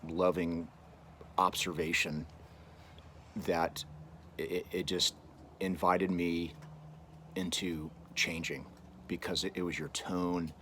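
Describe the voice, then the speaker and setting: A man giving a heartfelt birthday video message to a friend, speaking earnestly and haltingly, often repeating words. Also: deep voice, fairly bright tone, a little hiss or hum.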